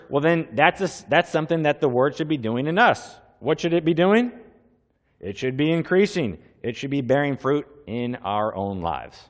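A man preaching as a pastor, opening with a prayer and then teaching in an earnest, conversational way, with asides and repeated questions to the congregation. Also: a little high. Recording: long hall reverb.

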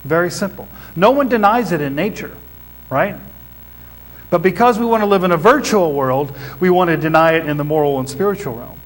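High-voiced preacher teaching a congregation. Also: male voice, lively intonation, a little fast, low-quality recording. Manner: teaching, asks the congregation questions. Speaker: pastor. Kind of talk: sermon. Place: church before a congregation.

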